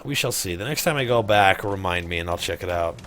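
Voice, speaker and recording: A man's voice: low-pitched, lively intonation, fairly quick, fairly bright tone. A man doing casual let's play commentary, sarcastic and profane, talking with his chat while he plays. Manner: profane, sarcastic, chatting with viewers. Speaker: streamer playing a game.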